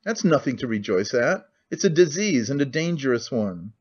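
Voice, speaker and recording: A man's voice: mid-range voice, very animated, normal speed, breathy edge. A man voicing a brooding young man who asks terse, accusing questions, on a muffled lo-fi recording.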